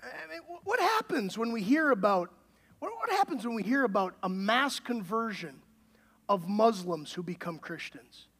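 A man's voice: sits high, sing-song, moderate pace, a bit bright, slightly rough. A man, the pastor, preaching a sermon in a conversational way and building to emphatic questions.

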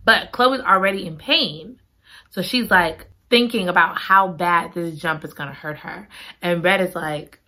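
A woman recapping a book in casual chat, gushing and giggly, repeating her excited exclamations. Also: lowish voice, measured pace. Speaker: book reviewer.

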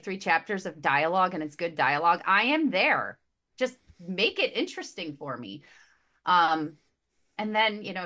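A woman on a podcast panel talking about books she loved, gushing and emotionally expressive, often restarting and repeating words as she goes. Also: lowish voice. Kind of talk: casual book chat.

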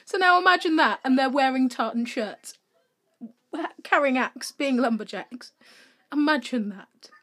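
A woman's voice: high voice, unhurried, fairly bright tone. A young woman, co-hosting a casual podcast chat, rambling and laughing at herself. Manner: giggly, rambling, self-deprecating. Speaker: podcast co-host.

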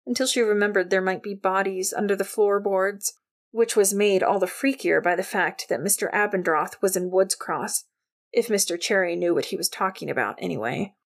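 Woman reading an audiobook, wry storyteller, gravelly fry in her voice. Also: mid-range voice, normal speed. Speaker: narrator. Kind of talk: audiobook narration.

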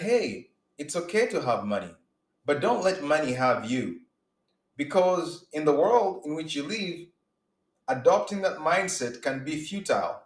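A man preaching informally, earnest and emphatic, often restarting his sentences and acting out his examples. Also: on the high side. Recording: roomy echo.

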